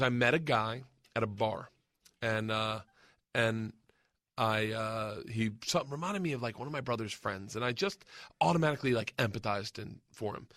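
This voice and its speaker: Bright animated man telling stories. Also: medium pitch, no echo, clean studio sound. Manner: animated storyteller, shouts and laughs at punchlines. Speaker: podcast host. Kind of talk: casual comedy podcast chat.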